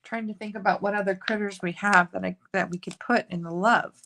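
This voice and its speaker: A woman leads a live card-making tutorial in a bright, forward voice at a middling pitch. She chats and gushes as she works, filling pauses with little ums. Her talk rambles happily from one idea to the next. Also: fairly even intonation, vocal fry. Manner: chatty and gushing, with frequent fillers. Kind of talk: live crafting tutorial chat.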